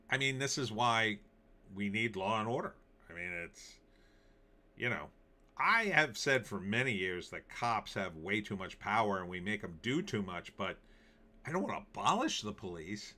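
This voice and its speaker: A male host talks through the news in a loose, sarcastic ramble, with lots of fillers along the way. His voice sits on the lower side. It is bright and forceful. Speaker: show host. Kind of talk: casual political and movie commentary.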